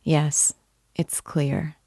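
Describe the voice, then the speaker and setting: A woman reading the lines of a timid, earnest young girl who speaks softly and hesitantly. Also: low-pitched, flat delivery, very slow, no echo, clean studio sound, exaggerated voice. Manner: soft, hesitant, heartfelt.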